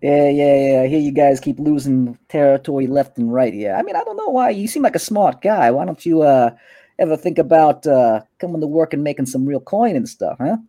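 A man's voice: fairly high pitch, sing-song, fairly quick, mellow. A man voicing a smug, menacing male half-elf mobster boss who taunts with drawling threats.

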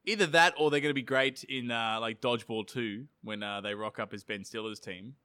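A man's voice: mid-range voice, fairly quick, clean tone, dry recording, clean studio sound. A man co-hosting a podcast, retelling an old legend in casual, joking chat full of swearing and laughter. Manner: animated, swearing, laughing, reads quotes aloud. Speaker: podcast co-host, storyteller.

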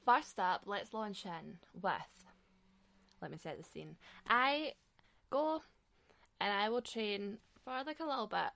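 A woman's voice: mid-range voice, slow, vocal fry, long pauses. Chatty, foul-mouthed woman telling a story. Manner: animated, chatty, swears a lot; frequent filler "like". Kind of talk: casual comedic anecdote.

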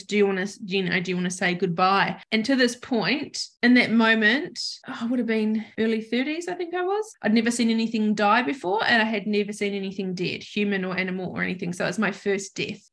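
A woman's voice: medium pitch, a bit bright. A woman from New Zealand, a podcast guest, candidly telling a personal story and acting out the voices she quotes. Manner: candid, acts out quoted speech.

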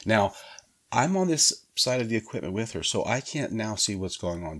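A man co-hosting a talk show, telling a story in an earnest, low-key way and laughing often. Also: fairly bright tone, slightly rough. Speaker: podcast co-host, police chaplain. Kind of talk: storytelling in casual chat.

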